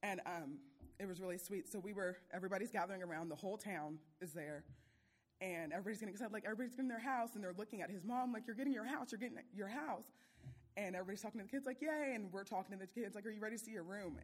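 A woman sharing a church mission trip testimony, emotional and laughing between phrases. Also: medium pitch.

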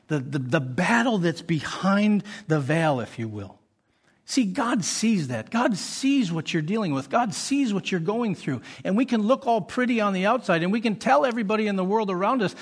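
A man's voice: sits high, expressive, moderate pace, breathy edge. A man preaching a sermon as a pastor, earnest and full of rhetorical questions to the congregation.

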